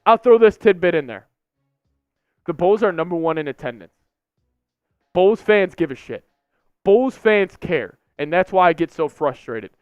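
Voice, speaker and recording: High-voiced man ranting on a live stream. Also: lively intonation, a little slow, pauses often, clear, resonant tone, no echo, soft background music. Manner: frustrated, repetitive ranting. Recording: slightly dull lo-fi stream audio.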